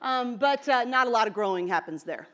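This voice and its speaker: A woman speaks to a conference audience in a high, light voice. She is middle-aged, earnest and chatty, with plenty of "you know" and "um" as she works through her points. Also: lively intonation, fairly quick, a bit bright. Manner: earnest, conversational, many fillers and asides. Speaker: basketball coach giving a talk. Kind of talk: motivational conference speech. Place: conference hall.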